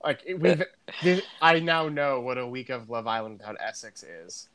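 A man's voice: mid-range voice, animated, moderate pace, a crowd in the background. A man co-hosting a podcast, chatting casually and rambling with restarts. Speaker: podcast co-host. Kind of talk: casual chat.

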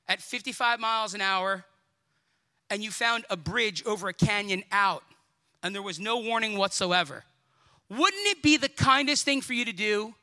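High, bright-voiced preacher man. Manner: animated, acts out quoted voices, builds to shouts. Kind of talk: sermon.

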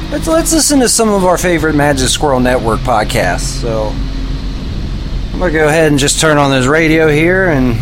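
A man chatting offhandedly in a car, introducing what comes next. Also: a little high. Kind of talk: casual vlog intro. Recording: car noise behind voice.

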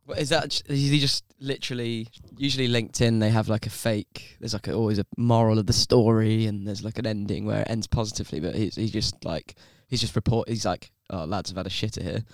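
A man's voice: fairly low pitch, steady tone, fairly quick, few pauses, no echo. A man co-hosting a podcast in casual banter, chatty and teasing, laughing easily. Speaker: podcast co-host.

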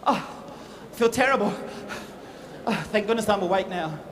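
A man's voice: high-pitched, expressive, moderate pace. A man voicing a panicked soldier waking from a nightmare, frantic and laughing. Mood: shaken. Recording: echoey hall with faint noise.

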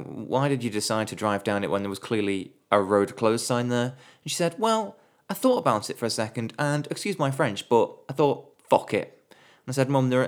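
A man who blogs about movies, telling comic stories in a sardonic, sweary way and putting on quick voices for the people he quotes. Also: fairly low pitch. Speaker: movie blogger. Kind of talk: comedic storytelling monologue.

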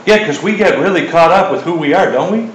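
A middle-aged man preaching a sermon in a casual, joking style, full of asides and lively retellings. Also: a little high, brisk, heavy reverb, far from the mic, rough recording.

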